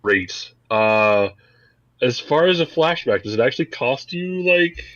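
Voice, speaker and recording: A man's voice: medium pitch, lively intonation, unhurried, a bit bright. A man narrating as game master of a tabletop game, in a loose, rambling way full of "like" and "um". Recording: dull, lo-fi podcast audio.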